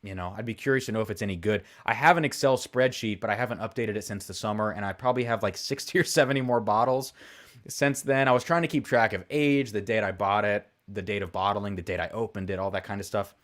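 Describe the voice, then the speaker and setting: A young man hosts a casual whiskey livestream, rambling and thinking aloud with plenty of fillers and self-deprecating asides. He talks fast, with a fairly low pitch and a fairly bright tone.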